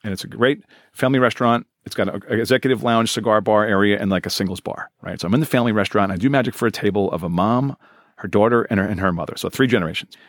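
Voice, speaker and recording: Man, 40s, fast-talking animated storyteller, mid pitch, dry close mic. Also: no room sound. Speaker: guest, professional magician. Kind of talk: storytelling in a podcast interview.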